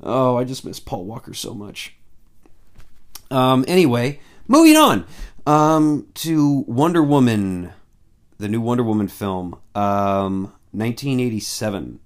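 A man vlogging casually about upcoming films, excitable and quick to get worked up, with lots of fillers. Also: mid-range voice. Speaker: movie fan vlogger.

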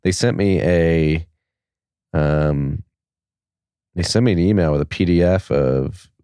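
A male podcast host chatting casually in a very deep voice. He rambles loosely with many fillers. The sound is close and dry. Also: takes it slowly, dark tone, clear, resonant tone, no echo. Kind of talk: casual chat.

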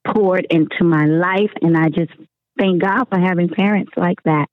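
A woman's voice: lowish voice, moderate pace, no room sound. Woman, from Miami, gospel singer, phone interview, tinny phone line, dry sound, effusive, laughs often. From Miami, Florida. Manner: warm, effusive, laughs often, repeats words. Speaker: gospel singer and worship leader. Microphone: telephone.

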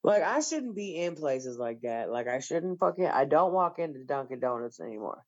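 A woman telling stories in casual group chat, blunt and profane, with lively bursts. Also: a bass voice, moderate pace. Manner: blunt, profane, animated storyteller. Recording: slightly dull lo-fi sound.

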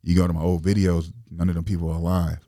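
Brief: low, mellow man with a gravelly edge, relaxed and profane, guest on a podcast with a close, dry mic. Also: fast talker, no echo. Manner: loose, profane street talk with many fillers. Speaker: interview guest. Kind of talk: casual podcast storytelling.

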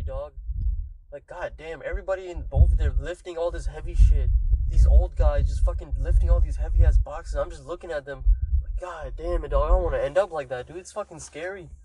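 Young guy with a high voice, cursing nonstop, laughing through a work story, bit of hiss behind. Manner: profane, laughing, tells stories with quoted dialogue. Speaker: podcast co-host. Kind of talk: casual chat.

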